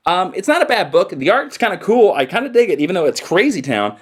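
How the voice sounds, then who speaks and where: A man hosting his own comic review video, talking in an energetic, joking way with exaggerated enthusiasm. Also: high voice, fast talker. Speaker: comic book reviewer, channel host.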